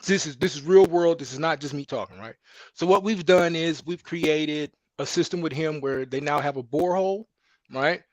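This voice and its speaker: A man's voice: a little high, normal speed, no room sound. Defensive man pressing his point, dry sound. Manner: defensive, insistent, calls others bro. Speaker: panel guest. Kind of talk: heated panel debate.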